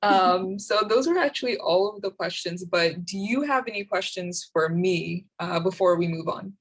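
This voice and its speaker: A woman's voice: medium pitch, expressive, moderate pace, rough recording. A woman hosting an interview, mostly giving brief affirming replies. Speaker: interview host.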